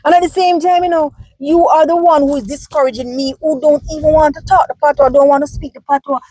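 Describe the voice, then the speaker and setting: Jamaican woman, vlogger, high-pitched, dry recording, casual animated chat to viewers. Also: quick pace, no room sound, poor audio. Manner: chatty, animated, answering comments directly.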